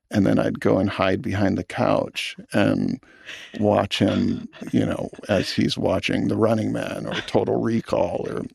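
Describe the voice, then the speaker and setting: A man, a film director, talking in an interview in a thoughtful, earnest way with halting restarts. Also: lowish voice, vocal fry, a little mellow, breathy edge, no room sound, clean studio sound. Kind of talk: reflective interview talk.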